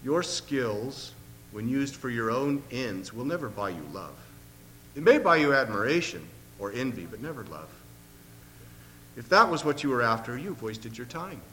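A man reading the lines of a kind, frank old man who speaks gently and steadily, in a long-echoing hall with a faint hum. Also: mid-range voice, sing-song, normal speed. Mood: gentle.

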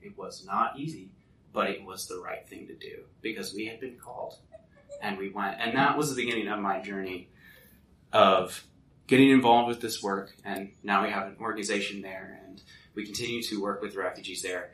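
A man giving a personal testimony at a church, telling a lively story and acting out what others said. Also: on the low side, fairly quick, a little hiss or hum. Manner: lively storyteller who acts out what people said. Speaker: guest speaker at a church. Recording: echoey hall, mic from a distance.

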